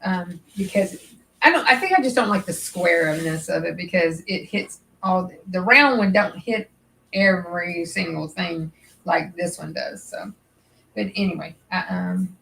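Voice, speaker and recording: A woman's voice: lowish voice, a little slow, gravelly, fairly bright tone, a little hiss or hum, poor audio. A woman hosting a crafting livestream, chatting nervously and rambling as she thinks aloud. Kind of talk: casual livestream chat while sewing.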